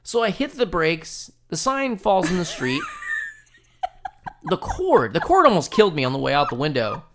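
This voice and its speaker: A man hosting a podcast, telling a story in a casual, profane, animated way and laughing often. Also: high voice, moderate pace, background noise. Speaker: podcast host.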